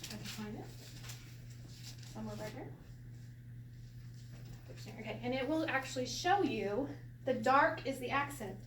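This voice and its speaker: High-voiced chatty woman teaching. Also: moderate pace, pauses often. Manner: chatty, laughs often, animated storytelling. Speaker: Hebrew teacher. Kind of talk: casual classroom lesson. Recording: echoey room, voice from far off, faint hiss.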